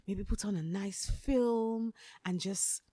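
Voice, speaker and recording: A woman, co-hosting a podcast and telling a story with lively acted-out dialogue and some swearing. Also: medium pitch, slow, husky, no echo, studio quality. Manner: expressive, swears, acts out dialogue. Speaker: podcast co-host. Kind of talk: animated storytelling rant.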